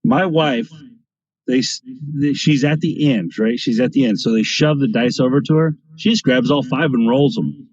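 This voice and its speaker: A man's voice: medium pitch, normal speed, darkish tone. A man casually telling rambling anecdotes on a live stream, often checking in with "right?". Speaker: craps streamer guest. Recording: lo-fi stream audio.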